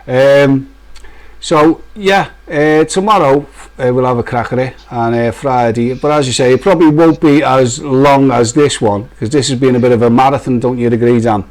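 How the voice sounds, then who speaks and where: A man's voice: medium pitch, normal speed, a little mellow. A man with a Black Country accent, co-hosting a live stream in rambling, jokey casual banter and laughing often. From English Midlands. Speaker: co-host of a vaping live stream.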